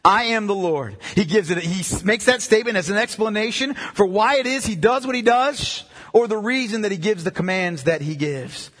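High bright preacher in a reverberant hall. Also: male voice, animated. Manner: emphatic, slows down to read scripture aloud. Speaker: pastor. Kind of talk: sermon.

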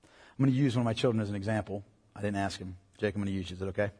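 A pastor preaching a sermon to parents in an earnest, emphatic way. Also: male voice, fairly low pitch, rapid-fire, mellow, breathy edge. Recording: long hall reverb.

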